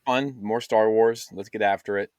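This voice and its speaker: A man in his fifties with a lowish voice, chatting casually as a podcast co-host. He rambles, trails off and leans on fillers, recorded with a dry, close sound. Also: fairly even intonation, normal speed, darkish tone, clear, resonant tone, dry recording. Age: 50s. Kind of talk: casual chat.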